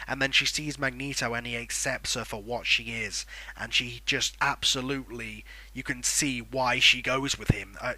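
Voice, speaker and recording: A man's voice: medium pitch, pushed and bright, no room sound. A man giving a casual, enthusiastic and opinionated spoken film review, rambling a little as he goes.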